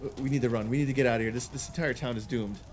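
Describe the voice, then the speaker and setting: A man voicing a terrified young male soldier who stammers and rushes his words in a tabletop game. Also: mid-range voice, fairly even intonation, a little hiss or hum, close to an everyday voice. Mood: panicked. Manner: stammering, frantic.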